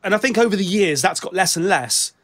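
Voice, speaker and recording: This British host of a casual music chat has a very high, fairly bright voice and talks in an animated way, a bit on the fast side. He frequently halts and restarts, finding his point as he goes.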